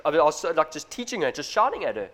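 A man in his thirties preaches to a congregation in an earnest, direct manner. His voice sits a little higher than most men's, and he presses each point home as he addresses the parents. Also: very animated, fairly quick, fairly bright tone. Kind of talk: sermon.

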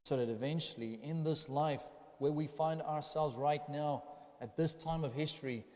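Male preacher, high voice, emphatic rhetorical questions, long hall reverb. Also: moderate pace, darkish tone. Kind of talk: sermon. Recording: echoey hall.

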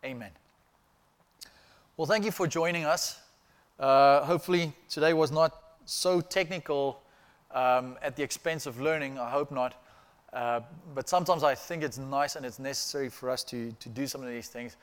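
A man's voice: mid-range voice, normal speed, clean tone. A pastor giving a sermon in a conversational, emphatic way, repeating points for stress and checking in with his listeners.

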